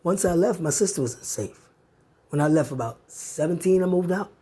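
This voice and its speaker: A woman with a husky, breathy voice rants straight at the camera, swinging her pitch up and down as she taunts and curses someone. Her delivery is confrontational and profane. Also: animated, normal speed, warm tone. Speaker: vlogger. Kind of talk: angry direct-to-camera rant.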